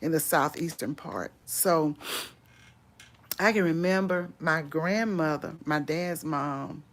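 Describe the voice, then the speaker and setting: Woman, unhurried drawl, chatty live-stream talk, laughs often, outdoors on a walk. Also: deep voice. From Louisiana. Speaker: vlogger host. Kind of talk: casual live-stream chat answering viewers.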